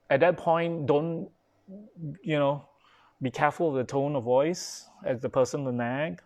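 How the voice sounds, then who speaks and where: A man's voice: mid-range voice, takes it slowly. A man, a Buddhist pastor giving a live-streamed dharma talk in a chatty, informal way, with many fillers and restarts, now and then answering viewer comments. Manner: replies to viewer comments as he goes.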